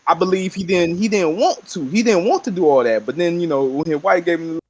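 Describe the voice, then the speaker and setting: A man co-hosting a podcast, talking in animated slang and laughing often. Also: sits high, quick pace. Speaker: podcast co-host. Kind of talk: casual chat.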